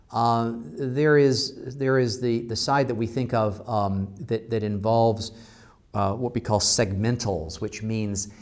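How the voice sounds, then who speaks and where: A man's voice: medium pitch, a little mellow. A man, a university language instructor, giving thoughtful interview answers with many fillers and restarts. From United States.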